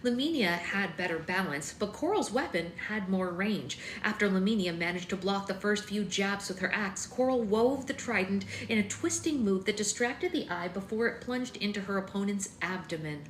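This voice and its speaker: A woman's voice: medium pitch, normal speed, hardly any pauses. A woman hosting a live book club, reading a novel aloud steadily with chatty asides. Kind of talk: live-stream read-aloud. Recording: echoey room with faint noise.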